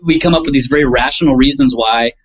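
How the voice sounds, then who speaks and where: A man's voice: mid-range voice, fast, slightly rough. A man in a casual discussion, hesitant and repeating words as he starts his sentences. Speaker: conversation partner. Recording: dull lo-fi recording.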